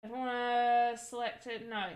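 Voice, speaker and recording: A woman's voice: fairly high pitch, completely flat delivery, measured pace. A woman streaming as she builds a game, thinking aloud and exclaiming at what happens on screen. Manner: thinks aloud while testing her game. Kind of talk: casual live-stream chat.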